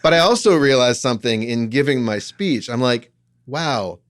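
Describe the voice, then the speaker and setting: A man's voice: medium pitch, expressive, normal speed. A man co-hosting a podcast, talking in a wry, reflective, self-deprecating way. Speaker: podcast co-host. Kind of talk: casual conversational podcast talk.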